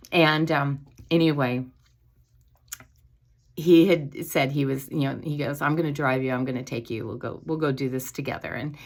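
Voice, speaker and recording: Woman, low-pitched, casual faith chat host, rambling, easy laughs. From East Coast of the United States. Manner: rambling, with restarts, fillers and light laughs. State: feeling unwell lately.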